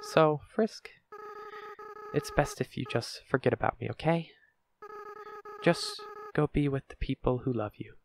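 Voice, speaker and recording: A man reading the lines of a remorseful young goat-monster boy prince from a game, slowly and apologetically. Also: on the high side, wildly swooping pitch, slight background noise, heavily acted. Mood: tender. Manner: slow, tearful, apologetic reading. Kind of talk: reading game dialogue aloud.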